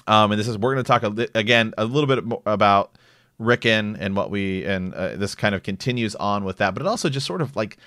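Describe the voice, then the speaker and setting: A man's voice: fairly low pitch, expressive, a little fast, a bit bright, no room sound, studio quality. A man hosting a podcast, chatting casually and reading book passages aloud, rambling with frequent restarts. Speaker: podcast host.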